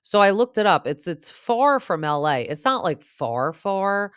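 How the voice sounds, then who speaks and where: A woman's voice: mid-range voice, big pitch swings, unhurried, fairly bright tone, smooth, no room sound. Woman, young adult, casual podcast chat, rambling, filler-heavy, dry close sound. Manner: chatty, rambling, frequent "like" and "um". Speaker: podcast host.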